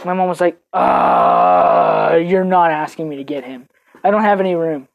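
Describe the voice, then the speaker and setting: A young woman telling a personal story on her podcast, casual and animated, swearing and acting out the people she quotes in different voices. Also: low voice, moderate pace, creaky. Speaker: podcast host.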